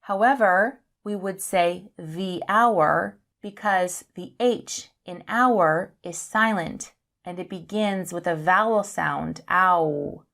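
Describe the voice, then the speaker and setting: A woman teaching English pronunciation in a scripted lesson, speaking slowly and enunciating each word clearly. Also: medium pitch, fairly bright tone, roomy sound. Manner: slow, clear, carefully enunciated.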